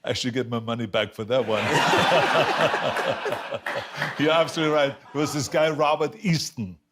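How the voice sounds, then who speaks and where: Man, Austrian German accent, interview guest, emphatic, animated storyteller, middle pitch. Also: a little slow, very noisy. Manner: animated, emphatic, laughs through anecdotes.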